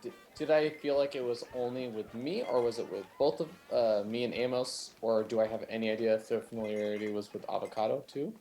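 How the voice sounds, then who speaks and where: A man's voice: mid-range voice, fairly even intonation, a little fast, few pauses, mellow, a little hiss or hum. A man playing a tabletop game who asks questions in casual chat. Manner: inquisitive, asks many questions. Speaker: player.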